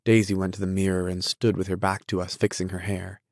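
Deep, gravelly male narrator. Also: flat delivery, fairly quick, a little mellow, dry recording, studio quality. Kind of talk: audiobook narration.

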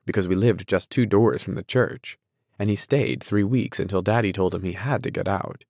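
A man's voice: low-pitched, normal speed, darkish tone, no room sound. A man voicing a cool, offhand young woman in a storybook reading, matter-of-fact and dry.

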